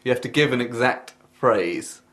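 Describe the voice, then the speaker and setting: A man's voice: mid-range voice, moderate pace, fairly bright tone. A man hosting a casual podcast chat, rambling and joking with many hesitations. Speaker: podcast host.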